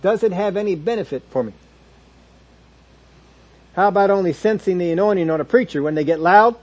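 A man's voice: high voice, brisk, husky. A man preaching a sermon in a conversational teaching manner, now and then mimicking churchgoers in quoted asides.

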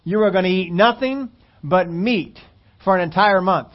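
A preacher voicing an exasperated God, dull recording. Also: male voice, sits high, normal speed, voice pushed up, lightly acted. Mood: emphatic. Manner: emphatic, mocking repetition. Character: exasperated God promising meat, male.

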